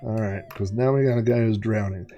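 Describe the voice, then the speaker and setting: A man's voice: fairly low pitch, brisk, dark tone, dull audio, soft background music. Rambling, chatty male game commentator. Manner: rambling, chatty, laughs at his own jokes. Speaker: let's play host. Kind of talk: casual gameplay commentary.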